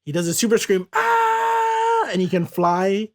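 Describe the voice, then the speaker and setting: A man's voice: high-pitched, fairly even intonation. A man hosting a casual podcast, walking through a comic page by page and reading lines aloud in loose paraphrase. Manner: reads character lines aloud in quick, loose paraphrase, laughs often. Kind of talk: casual comic review chat.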